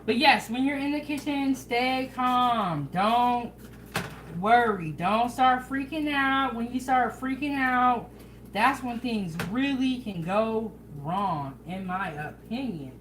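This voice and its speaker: A woman hosting a casual home cooking vlog, chatting in a relaxed way and talking straight to her viewers. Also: fairly high pitch, slow, noisy background. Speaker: home cooking show host. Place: home kitchen.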